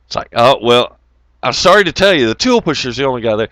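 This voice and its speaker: A man's voice: mid-range voice, very animated, quick pace, a bit bright, no room sound. A man telling rambling oil-field stories in a casual, profane way, often laughing.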